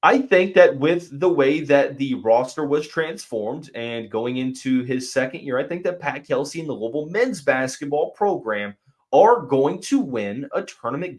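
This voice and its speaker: Man talking sports on a podcast. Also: medium pitch. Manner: thinking aloud, frequent fillers and restarts. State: has the hiccups. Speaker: podcast host. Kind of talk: casual sports podcast talk.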